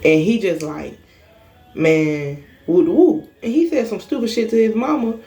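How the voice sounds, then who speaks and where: A woman's voice: fairly high pitch, very animated, brisk, mellow. A young woman vlogger telling a personal story in a casual monologue, blunt, emphatic and full of cursing.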